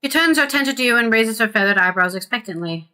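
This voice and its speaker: A woman's voice: on the high side, lively intonation, quick pace, pushed and bright, clean tone. A woman streaming a video game, chatting casually and reading the game's text aloud. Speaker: gaming streamer.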